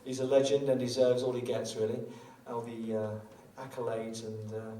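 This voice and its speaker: A man's voice: medium pitch, level tone, moderate pace, mellow. An older man, a guitarist, chatting between tunes at a small live venue, self-mocking and rambling with joking asides. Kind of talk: between-song stage banter. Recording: roomy live venue, distant mic, guitar.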